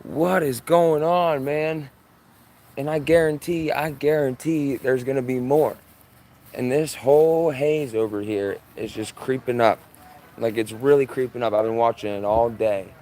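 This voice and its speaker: An excitable man talks outdoors in his yard at a middle pitch, filming live on a handheld phone. His talk is urgent and full of repeats as he keeps pointing things out. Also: unhurried. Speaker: livestreamer. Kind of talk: live sky-watching commentary.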